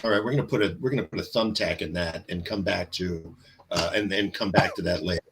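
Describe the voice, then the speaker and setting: A man's voice: deep voice, fast talker, a bit bright, slight background noise. A man hosting a casual political chat, combative and profane, getting heated as he argues. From New York. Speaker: host.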